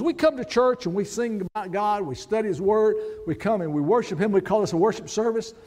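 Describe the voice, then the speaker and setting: A man's voice: high voice, a little mellow, long reverb tail. A man preaching a sermon to his congregation, emphatic, and leading them through read-alongs. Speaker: pastor. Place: church sanctuary.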